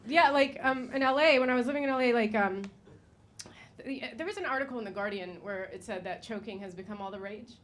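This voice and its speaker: High-voiced American woman doing stand-up. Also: quick pace, a loud crowd. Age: 30s. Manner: chatty, filler-heavy, laughs at her own jokes. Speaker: stand-up comedian. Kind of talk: stand-up comedy set. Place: comedy stage. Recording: noisy live stage recording.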